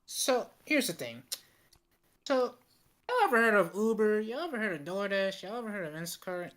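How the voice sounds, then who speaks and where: A woman calling in on a voice call, making her case in a lively, persuasive way and walking through the numbers. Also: medium pitch, normal speed. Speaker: call-in viewer. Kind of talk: casual voice-call chat.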